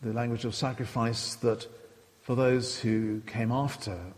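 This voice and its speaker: A man giving a sermon, retelling and quoting scripture in a measured, reflective way. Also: mid-range voice, flat delivery, a little mellow, in a large hall. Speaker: preacher.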